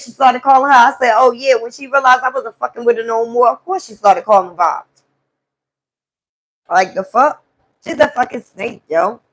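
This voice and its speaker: High-voiced woman venting. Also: vocal fry. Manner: animated, profane storytelling to a live chat. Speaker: live stream host. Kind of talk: casual venting monologue.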